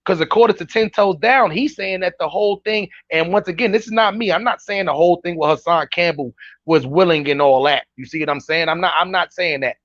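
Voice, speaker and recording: A man's voice: high voice, fairly quick, fairly bright tone, no room sound. A man giving casual, slangy reaction commentary, ranting emphatically as a vlog host. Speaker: commentary vlogger. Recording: dull dry lo-fi recording.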